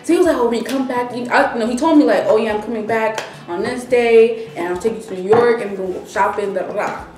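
A woman's voice: a little high, fast, hardly any pauses. A young woman vlogger casually telling a story, acting out what everyone said. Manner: animated, acts out quoted dialogue. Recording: roomy echo, distant mic, faint music.

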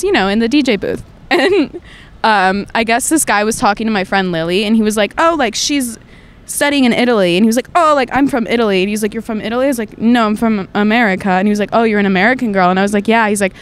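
A woman's voice: mid-range voice, fast talker, clear, resonant tone. A young woman in her twenties, a podcast guest chatting casually, who giggles and acts out the people in her stories. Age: 20s. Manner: giggly storyteller, acts out quotes. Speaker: guest, host's sister. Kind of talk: casual chat.

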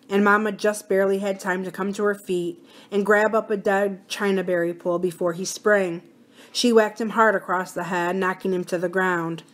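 A woman reading a novel aloud for a library series, expressive and slowing for the sad passages. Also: mid-range voice. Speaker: library story reader. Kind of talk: storybook read-aloud.

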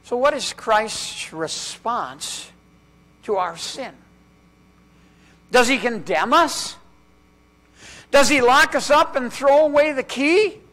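A male pastor preaching a sermon in a church, with dramatic pauses and strings of rhetorical questions, dropping to a hush on key words. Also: very high-pitched. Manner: drops to a hushed voice on key words.

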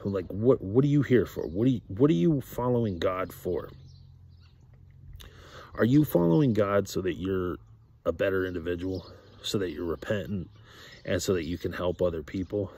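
Deep-voiced man, rambling preachy monologue. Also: animated, moderate pace, dark tone, breathy edge. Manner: rambling, many "like" fillers and repeats. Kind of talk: casual religious monologue to camera.

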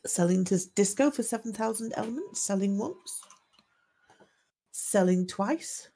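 A woman acting as auctioneer on a game livestream, calling lots and bids in a steady, methodical way. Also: mid-range voice, unhurried, vocal fry, slightly rough. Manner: steady methodical lot-calling, selling once, twice, sold.

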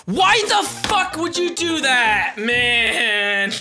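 Animated, foul-mouthed woman gaming. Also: high voice, drawn-out words, vocal fry, few pauses, music in the background. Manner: excitable, swears a lot, exclaims at the game. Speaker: gaming video host. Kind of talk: live gameplay commentary.

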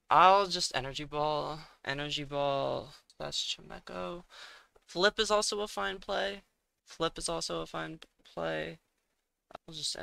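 A man's voice: fairly high pitch, gravelly, bright, forceful tone, clean tone. A young man giving casual commentary while he plays a competitive game, thinking aloud and muttering, with sudden exasperated outbursts. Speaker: gaming streamer.

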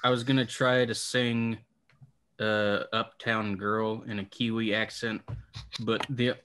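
A man co-hosting a music podcast, dropping quick deadpan remarks in casual chat. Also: lowish voice, clear, resonant tone. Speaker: podcast co-host.

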